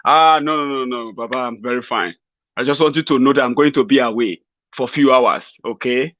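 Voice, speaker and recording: A man voicing a meek, deferential male deputy who softly reassures his boss. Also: mid-range voice, fairly quick, no room sound, dull audio, lightly acted. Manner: soft, servile reassurance.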